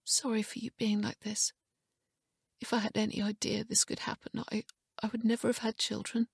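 A remorseful father in an audiobook, speaking softly and haltingly as tears catch in his throat. A woman reads him in a breathy, slightly raised voice. The recording is dry and close. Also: on the high side, monotone, no room sound, pitched above the performer's own voice. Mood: tearful. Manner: soft, halting. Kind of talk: audiobook character reading.

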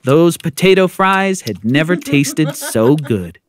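A man narrating a personal story in an animated, expressive way. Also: a little high, slow, crowd noise.

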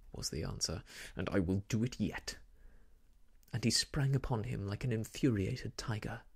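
In a soft ASMR hush, a storyteller reads from an old novel, taking his time and drawing out his delivery. His low voice has a gravelly rasp and an airy, husky texture. Close to the mic, he lets many phrases slip into a near-whisper.

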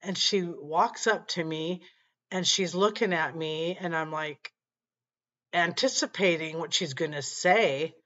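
A woman vlogger telling a personal story in a casual, unhurried way, often saying "you know" and "like". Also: lowish voice, a bit bright. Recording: dull lo-fi recording.

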